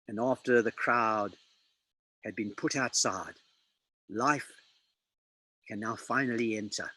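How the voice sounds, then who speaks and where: A man preaching a sermon, dramatic and emphatic, quoting scripture with slow pauses. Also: fairly low pitch, sharp tone, no echo, low-quality recording.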